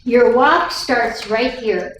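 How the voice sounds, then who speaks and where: A woman with a fairly high voice teaches a dog training lesson, switching between steady explanation and coaxing praise. She sounds distant from the camera in a very echoey space, with faint background noise. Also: slow.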